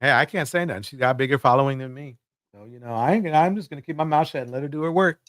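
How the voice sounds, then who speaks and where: A man's voice: mid-range voice, racing, a bit bright, dry recording. Joking man hosting a live stream, dry sound. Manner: joking, mocking, laughs often. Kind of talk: casual commentary.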